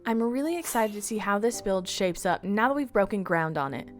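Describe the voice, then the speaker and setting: A woman narrates a weekly recap of her game streams in a scripted, upbeat voice-over. Her pitch swings widely as she reads, and faint music plays quietly behind her. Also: animated, brisk.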